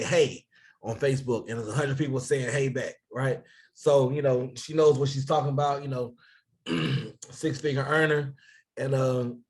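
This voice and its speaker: A man running a team training on a live stream as a business coach, energetic, asking viewers for comments and shouting out names. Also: mid-range voice.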